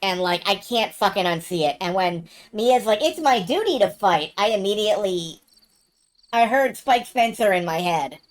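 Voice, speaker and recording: A woman's voice: mid-range voice, moderate pace. A woman chatting casually and swearing offhandedly while live-streaming a game.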